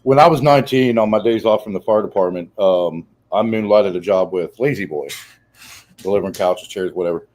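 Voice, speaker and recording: Mellow-voiced man in his forties spinning an anecdote. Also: sits low, a little fast, slight background noise, rough recording. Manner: animated anecdote teller. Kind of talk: casual chat.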